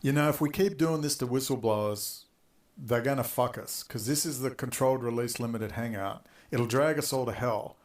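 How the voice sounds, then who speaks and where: A man's voice: medium pitch, normal speed. A man from Australia, ranting in an agitated, rambling and heavily profane way in a recorded video. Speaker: online video maker. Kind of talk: profane angry rant.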